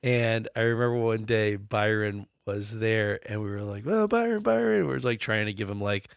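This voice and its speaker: A man's voice: lowish voice, little pitch movement, moderate pace, clear, resonant tone, no room sound, studio quality. A man in his forties co-hosting a podcast, telling stories in a loose, profane, easygoing way. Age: 40s. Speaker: podcast co-host. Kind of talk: casual chat.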